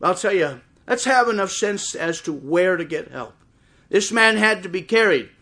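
A middle-aged man preaching a sermon in church, impassioned and swelling toward shouts. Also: high-pitched, lively intonation, normal speed. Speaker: pastor. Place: church service before a congregation.

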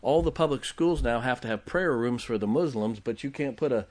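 A man's voice: medium pitch, brisk, darkish tone. Emphatic preaching man. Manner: emphatic preaching with rhetorical questions and joking asides; checks in with the congregation. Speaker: pastor. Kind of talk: sermon.

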